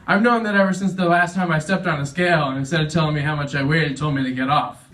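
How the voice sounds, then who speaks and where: A man's voice: on the high side, steady tone, fast talker, a bit bright, recorded from a distance, slight background noise. A young man doing a self-deprecating stand-up comedy set on stage, chuckling at his own jokes and acting out voices. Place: veterans' hall stage.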